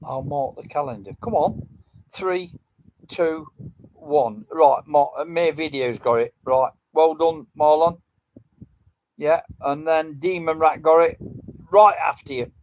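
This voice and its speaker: A man's voice: on the high side, steady tone, unhurried, darkish tone, rough recording. A middle-aged man, rambling casually as he hosts a livestream quiz and chats with viewers. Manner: chatty, rambling, answering comments.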